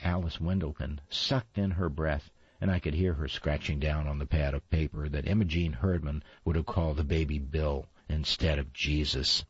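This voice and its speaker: A man narrating a storybook in a wry, lively way. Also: rumbling low, moderate pace, few pauses, husky, dry recording. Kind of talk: storybook reading. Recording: slightly dull, dry recording.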